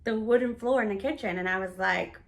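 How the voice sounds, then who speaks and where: A woman's voice: mid-range voice, a little fast, faint music behind. A woman in her thirties candidly recounting a family conflict in a personal vlog, acting out the quoted dialogue with animation. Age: 30s. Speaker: vlogger. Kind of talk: personal storytelling to camera.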